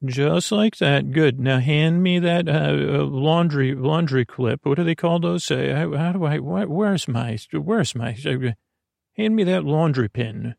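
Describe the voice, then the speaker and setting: A man doing a brisk, impatient sorceress. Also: on the high side, gravelly, a little mellow, dry recording. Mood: instructing. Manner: brisk, exasperated, fumbles words. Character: busy, impatient female royal physician sorceress. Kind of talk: bedtime story reading.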